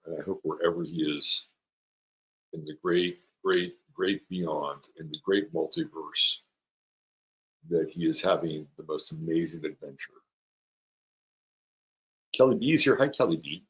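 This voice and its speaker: A man's voice: extremely low pitch, measured pace, long pauses, fairly bright tone, low-quality recording. A middle-aged man hosting an astrology live stream, chatting playfully and rambling as he reads viewer comments aloud. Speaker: astrologer host.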